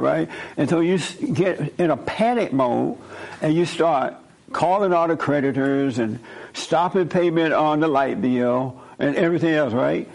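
A man's voice: on the high side, normal speed, creaky, darkish tone. A man giving an informal spoken sermon in a conversational way, repeating his points and often checking in with "right?". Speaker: preacher.

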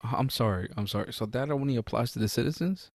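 A man's voice: medium pitch, quick pace, gravelly, no echo, studio quality. A man in a casual, profane podcast chat who acts out little scenes as he talks. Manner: animated, profane, acts out bits.

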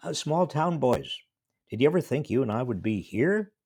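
An older man voicing a friendly, eager young Southern man who grins and chats warmly. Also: mid-range voice, big pitch swings, normal speed, breathy edge, voice pushed up.

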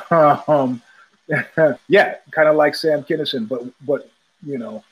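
Taking his time, a podcast host from New York drifts through a casual monologue of tangents and restarts. His voice is a little high with a breathy edge, heard through lo-fi sound.

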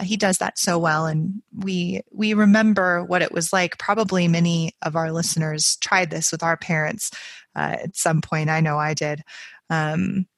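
Chatty woman with a low voice. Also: no echo. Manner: chatty and warm-hearted, with frequent ums and uhs. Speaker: podcast host. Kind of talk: casual poetry commentary.

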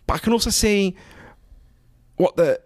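A man, an author and interview guest, talking in an animated, profane, self-interrupting way. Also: sits high, moderate pace, no room sound, clean studio sound. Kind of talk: casual conversation.

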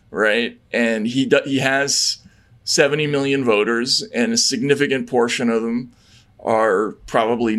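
A man co-hosting a political talk show. His delivery is earnest and worried, full of halting restarts and repeated words as he works through his thoughts. His pitch sits in a plain middle range. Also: a bit bright. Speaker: podcast co-host. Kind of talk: casual political chat.

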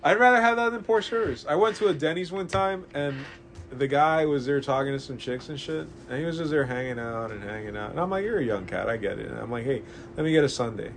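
A man's voice: a little high, quick pace, faint music behind. A man hosting a casual podcast chat from a shop, telling profane stories and putting on voices. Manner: profane, animated storyteller doing voices. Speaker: podcast host. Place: comic shop.

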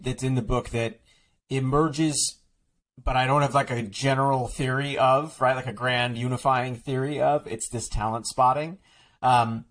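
Appearing as an author guest on a podcast interview, a man with a mid-range voice explains things at length. His speech is full of restarts and filler words.

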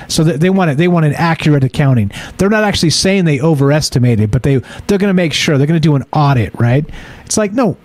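Guy hosting a late nite call-in show, kinda high voice, rants and cusses, dry sound. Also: darkish tone, no echo. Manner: ranting, conversational, swears. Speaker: radio show host. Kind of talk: late-night call-in radio talk.

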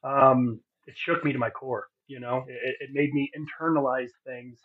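The audio sounds narrow, like a phone line, as a man with a medium-pitched, slightly rough voice shares a heartfelt personal testimony on a podcast. He speaks earnestly at a normal speed with a steady tone, often using fillers and starting sentences over.

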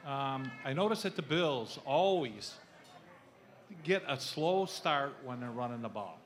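A man's voice: mid-range voice, expressive, unhurried. A middle-aged man, a fan at a live show, asking a rambling question with many hesitations.

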